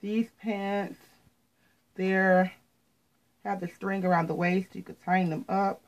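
A woman's voice: mid-range voice, level tone, slow pace, muffled recording. An American woman chatting casually to viewers as she shows off her latest clothing haul, repeating words and often saying "you guys.". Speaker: fashion vlogger.

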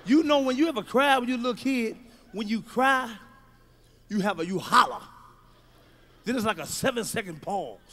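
A man performs stand-up comedy with a strikingly high, bright voice. He tells profane stories in an animated way, breaking into acted-out shouts. The delivery is loud and forceful. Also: normal speed, pauses often.

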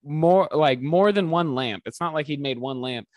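A man's voice: on the high side, normal speed, no echo. A man co-hosting a casual film podcast, joking in a playful, mock-serious way. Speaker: podcast co-host. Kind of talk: casual movie-review banter.

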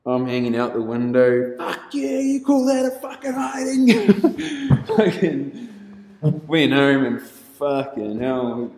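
A young New Zealand man with a New Zealand accent telling a rough story casually, heavy on swearing and laughter, now and then shouting. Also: lowish voice, reverberant, rough recording.

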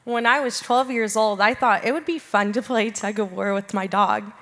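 A woman from the congregation reading a short childhood anecdote aloud, slowly. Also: medium pitch, fairly even intonation, a bit bright. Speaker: congregation member reading a story. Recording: distant mic in a reverberant hall.

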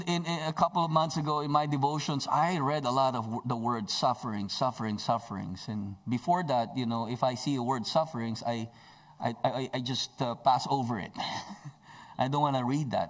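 A man's voice: mid-range voice, fairly even intonation, moderate pace. A male pastor preaching a sermon, emphatic, stretching out key phrases, with joking asides.

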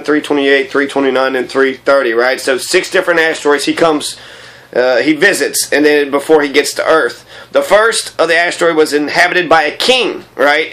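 Man reading a kids' book with chatty asides, somewhat high voice, loose and meandering. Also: fairly bright tone, low-quality recording. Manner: rambling, opinionated asides with many fillers. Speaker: reader and commentator. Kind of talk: reading aloud with commentary.

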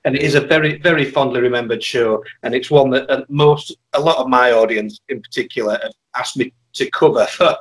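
A man's voice: mid-range voice, fairly quick, hardly any pauses, a bit bright, husky. A man hosting a retro TV channel, interviewing a guest and presenting in an upbeat, friendly way. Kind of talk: interview and vlog talk.

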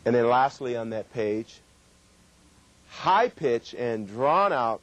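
A middle-aged man giving a workshop lecture on communication, with emphatic, drawn-out stresses. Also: medium pitch, expressive, dry recording. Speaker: communication trainer.

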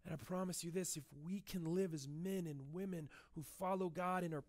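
A man's voice: high voice, fairly even intonation, brisk, darkish tone. A young adult man preaching a sermon as pastor, telling a personal story with frequent fillers and restarts.

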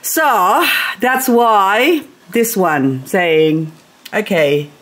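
A middle-aged woman chatting casually at home in a soft, slow way, now and then baby-talking to her pet bird. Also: mid-range voice. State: grieving, recently teary. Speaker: gardening vlogger. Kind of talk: casual chat to camera. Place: home, indoors.

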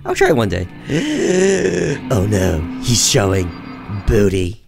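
A man giving let's-play commentary on a horror game, with joking, deadpan sarcastic asides. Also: fairly low pitch, slow, gravelly, music in the background. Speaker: gaming video creator.

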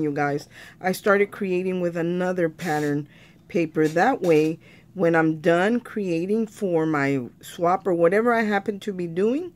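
A woman's voice: lowish voice, darkish tone. A woman talking viewers through a craft tutorial in a chatty way, often calling them "you guys".

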